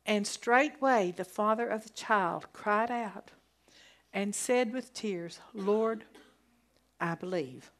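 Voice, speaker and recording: A woman gives a sermon-style Bible teaching in a mid-pitched voice. She reads scripture slowly and with weight, then lifts her voice for emphatic declarations. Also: fairly bright tone. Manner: slow, emphatic scripture reading with rising exclamations.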